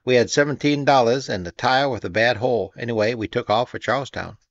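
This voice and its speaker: A man's voice: medium pitch, fairly quick, no room sound, natural voice. A huge, friendly millwright, voiced by a male reader, plain and direct in his speech. He comes across a bit raised above the narration. The recording is dry and somewhat muffled. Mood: eager.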